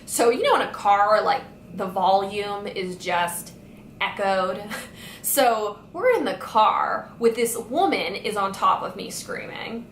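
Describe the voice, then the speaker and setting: A young woman recounts a story in a lively vlog style, scattering "like" through her sentences. Her voice sits at a middling pitch. It rings in a roomy space with a faint hiss underneath. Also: takes it slowly. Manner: animated retelling full of "like" fillers. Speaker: vlogger. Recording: echoey room with faint noise.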